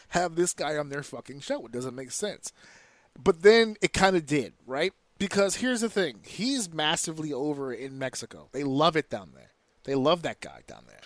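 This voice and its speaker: A man co-hosting a casual wrestling podcast, talking in an animated, profane and opinionated way. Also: fairly high pitch, no room sound. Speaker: podcast co-host.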